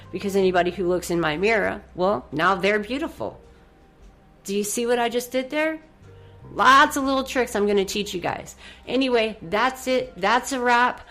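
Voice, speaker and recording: A woman hosting a motivational talk show, her voice sitting at an ordinary middle pitch. She talks in an effusive, upbeat way, dropping soft for the breathing guidance and rising eagerly when she cheers listeners on. Faint music plays underneath. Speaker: radio show host.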